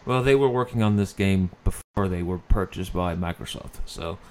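A man chatting casually about video games, relaxed and trailing off, correcting himself as he goes. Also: low voice, moderate pace. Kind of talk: casual gaming chat.

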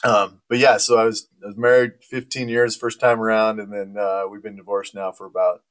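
A man's voice: lowish voice, brisk. A man in his forties in casual conversation, telling stories with frequent laughs. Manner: animated storyteller, laughs often. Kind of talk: casual chat.

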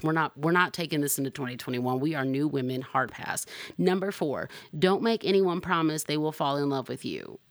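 A young woman hosting a podcast in casual chat, sassy and animated, jumping to high exclamations. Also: a little fast, dry recording. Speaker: podcast host.

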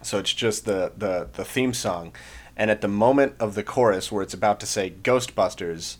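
A young man telling a long story in casual chat, rambling with many fillers and acting out shouted lines. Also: lowish voice, moderate pace. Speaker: podcast co-host, Marine veteran.

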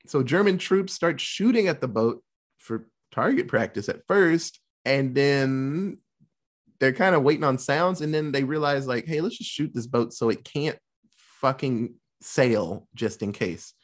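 A man casually retelling a war film's plot, swearing freely and jokingly acting out the characters' lines. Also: mid-range voice. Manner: profane, jokey, animated retelling with put-on quotes. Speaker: podcast co-host recapping a film. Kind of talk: casual chat.

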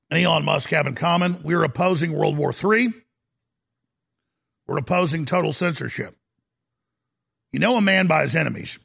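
Guy ranting on talk radio, real gravelly raspy voice, sharp and high-ish, mad and mocking. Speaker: radio host.

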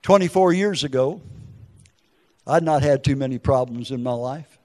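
A man's voice: medium pitch, moderate pace, darkish tone, in a large hall. An older man, preaching an emotional testimony and acting out the quotes in his story. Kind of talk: testimony sermon.

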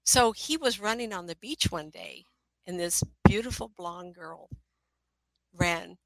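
Animated middle-aged woman psychic telling stories. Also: lowish voice, gravelly, no room sound, low-quality recording. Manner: animated, laughing often, drifting into asides. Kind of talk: storytelling talk.

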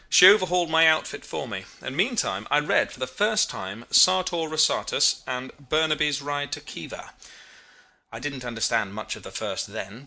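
A man narrating a literary story as an audiobook, in an expressive and reflective reading. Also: medium pitch.

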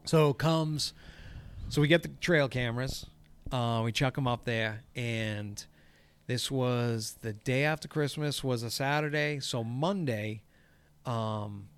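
A man's voice: medium pitch, clear, resonant tone. A man, a golf course crew boss, telling a story in casual chat, swearing freely and acting out the quoted dialogue. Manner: profane, acts out quoted dialogue.

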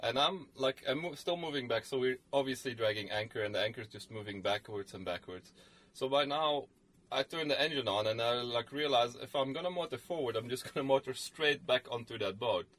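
A man co-hosting a casual podcast, his voice sitting in an ordinary middle pitch. He tells the story in a loose, rambling way, full of fillers and self-corrections. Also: animated, fairly quick, fairly bright tone. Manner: rambling, many fillers and restarts. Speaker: podcast co-host.

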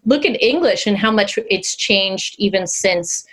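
A woman's voice: mid-range voice, a little slow. Chatty woman on a podcast. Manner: animated, rambling, laughs often, swears casually. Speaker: podcast co-host. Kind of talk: casual chat.

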